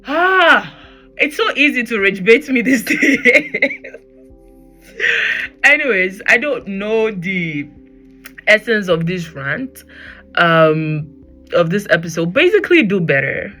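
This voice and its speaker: A woman's voice: mid-range voice, slow, long pauses, faint music behind. A woman with a Nigerian accent hosting a casual solo podcast, talking animatedly and slipping into pidgin. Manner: animated, switches into pidgin, laughs often. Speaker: podcast host. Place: Germany.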